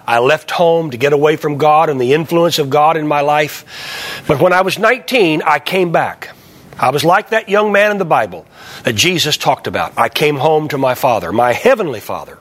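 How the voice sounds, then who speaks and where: An older man preaching, telling a family testimony in an animated storytelling manner and voicing the people in it. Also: on the high side.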